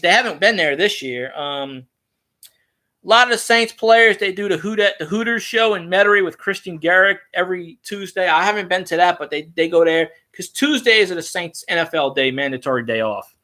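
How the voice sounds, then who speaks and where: A man rambling in a casual, profane, excitable monologue as a sports-fan vlogger. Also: high-pitched, fairly quick.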